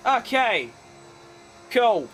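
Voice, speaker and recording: A gaming creator gives live commentary on his racing game in a very high, bright voice, chatting casually before breaking into excited shouts whenever things get close. He swears freely, with extremely slow, soft music playing in the background.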